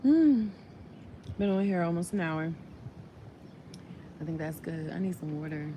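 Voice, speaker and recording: A woman's voice: lowish voice, animated, unhurried, background noise. A woman vlogger chatting casually while eating, in a laid-back, chatty way.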